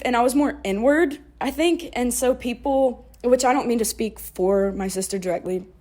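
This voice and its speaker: A woman's voice: a little high, darkish tone. A young woman, telling her own life story in a candid, rambling way full of fillers. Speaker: podcast host. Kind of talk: personal storytelling.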